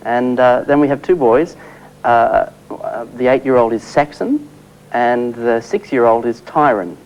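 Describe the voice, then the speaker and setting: A man's voice: medium pitch, a little slow, a little mellow, highs cut off. A middle-aged Australian man, a stage performer chatting easygoingly and wryly as a talk-show guest.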